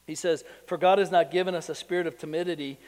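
A man preaching a sermon to his congregation. He asks them rhetorical questions and tells a personal story that builds in excitement. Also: fairly high pitch, quick pace, long reverb tail. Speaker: pastor.

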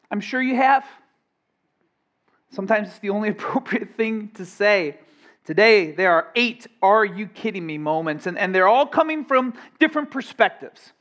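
A male pastor preaching a sermon, energetic and playful, with strong emphasis and jokes for the congregation. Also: sits high, lo-fi sound.

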